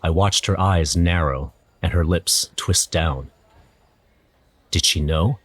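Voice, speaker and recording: A man's voice: sits low, slow pace, fairly bright tone, dry recording. A man narrating an audio drama in first person, nervous and wry. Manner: nervous, wry inner monologue. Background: music.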